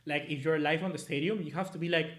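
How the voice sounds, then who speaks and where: A man's voice: on the high side, steady tone, fast, fairly bright tone. A young man in his twenties from America, casually hosting a live-stream match review and reading viewer chats. His talk rambles and he swears freely. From Latin America. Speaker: host.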